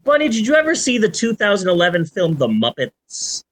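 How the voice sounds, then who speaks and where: A man hosting a casual movie podcast, ranting and joking with animated swings and the odd shouted outburst. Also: high-pitched, fairly quick, noisy background. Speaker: podcast host.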